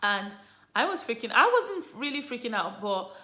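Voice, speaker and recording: A woman vlogger casually telling viewers her story, chatty and animated, full of "you know" and "like". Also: on the high side, moderate pace. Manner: animated, lively retelling. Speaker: vlogger, mother sharing her birth story. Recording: roomy echo.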